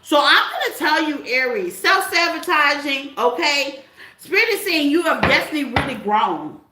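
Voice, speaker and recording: Bright, high-voiced woman tarot reader. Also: very animated, moderate pace, reverberant, rough recording. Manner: conversational, chatty, repeats "okay?" often. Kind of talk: spiritual tarot reading.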